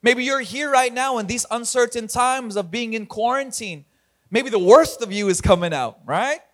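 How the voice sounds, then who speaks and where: A man's voice: extremely high pitch, normal speed, a bit bright. A man preaching an online church sermon as pastor. He talks energetically to his viewers and often laughs at himself.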